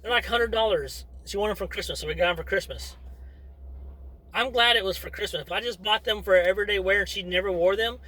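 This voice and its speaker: A man's voice: sits high, fast, bright, forceful tone, low-quality recording. A middle-aged man chatting to camera as a vlogger in a rambling, wandering way, breaking off into asides. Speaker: vlogger and father. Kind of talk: casual rambling monologue to camera.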